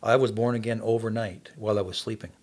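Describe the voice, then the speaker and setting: A man's voice: on the low side, fairly even intonation, fast, a little mellow. A man in his sixties from Canada, earnestly telling his life story as a podcast guest. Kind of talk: testimony in casual interview.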